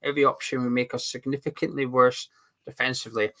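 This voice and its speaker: A man's voice: mid-range voice, level tone, quick pace, fairly bright tone. A man co-hosting a casual football fan watch-along, rambling a little as he reads out viewer comments. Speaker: fan channel co-host.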